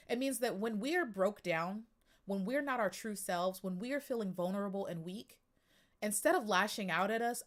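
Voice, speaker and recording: A woman hosting a podcast livestream talks in a chatty, emphatic casual monologue, greeting viewers in the chat. Her voice is medium-pitched and a bit bright.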